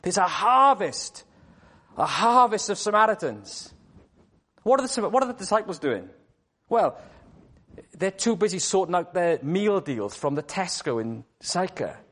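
Dramatic preacher, fairly high voice. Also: male voice, sing-song, a little slow. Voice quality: dramatic storytelling delivery, swinging from hushed to loud. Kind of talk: sermon. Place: church.

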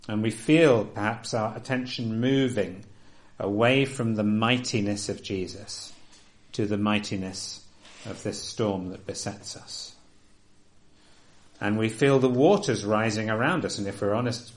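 Earnest man preaching, low voice. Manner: earnest, emphatic with soft drops. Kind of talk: sermon.

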